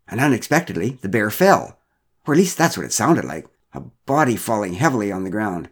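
A man's voice: on the low side, sing-song, a little fast, a bit bright, slightly rough. A man telling a first-person story in a dry, understated, wry way.

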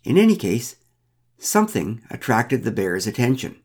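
A man's voice: medium pitch, sing-song, moderate pace, a little mellow, breathy edge. A man reading a first-person story aloud with a wry, dryly humorous manner. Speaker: narrator.

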